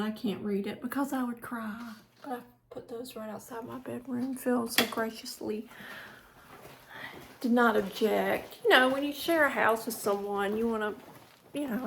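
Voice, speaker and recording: A middle-aged woman chats slowly in her living room, drifting between thoughts and restarting her sentences. Her voice sits a little high for a woman. A faint hiss runs under the recording. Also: steady tone, creaky, fairly bright tone. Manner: rambling, chatty, trails off and restarts. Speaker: vlogger. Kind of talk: casual home vlog.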